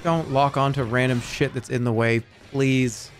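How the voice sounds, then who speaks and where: A man's voice: medium pitch, fairly even intonation, a little slow. A man streaming a game, chatting casually, swearing and flying into frustrated outbursts. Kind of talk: casual gaming stream chat.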